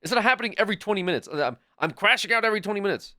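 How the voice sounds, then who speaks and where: High, lively male streamer ranting at chat. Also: very fast, no room sound, studio quality. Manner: frequent swearing. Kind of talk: live gaming stream commentary.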